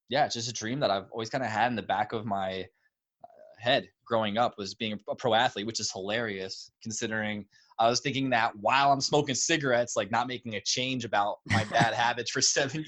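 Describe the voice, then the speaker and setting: A young adult man chatting as an interview guest, relaxed and conversational. He tells stories with energy, acting out what others said in a higher, louder voice. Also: moderate pace. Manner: animated storyteller, acts out quotes in a raised voice. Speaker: guest, pro obstacle course racer. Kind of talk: casual interview chat.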